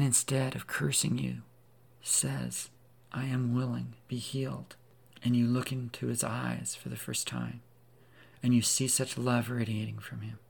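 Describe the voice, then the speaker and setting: Male preacher, sermon, gravelly, husky, earnest, loud then whispered. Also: mid-range voice.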